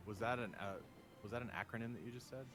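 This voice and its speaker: A man's voice: mid-range voice, steady tone, fast talker. An American man chatting casually and joking as a guest on a game stream. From United States. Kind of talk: casual chat while playing a game. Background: game music.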